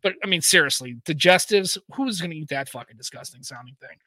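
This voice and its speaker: A man's voice: fairly high pitch, expressive, a little fast, pushed and bright. An American man co-hosting a tech podcast, chatting casually, joking loosely and swearing. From United States. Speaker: podcast co-host. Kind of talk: casual chat.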